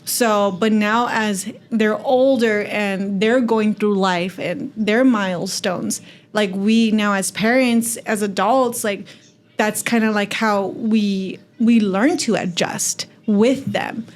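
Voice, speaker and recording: A woman's voice: mid-range voice, fairly even intonation, slow pace. A woman in a casual podcast conversation, chatty and leaning constantly on "like" as a filler. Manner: chatty, leans heavily on "like".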